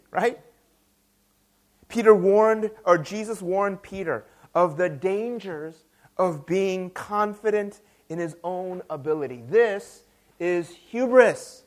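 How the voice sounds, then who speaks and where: Pastor, male, high voice, chatty sermon delivery, frequent "right?" asides. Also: unhurried. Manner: conversational preaching with tag questions; repeats and restarts words.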